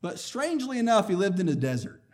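High-voiced man preaching a sermon. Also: sing-song, fast. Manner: emphatic, swinging from loud declarations to low quiet asides; conversational, personal storytelling.

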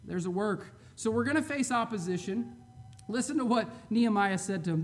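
A man preaching a sermon to his church, fervent and emphatic, swinging from loud to quiet and chuckling between points. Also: high-pitched, lively intonation, moderate pace. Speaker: pastor.

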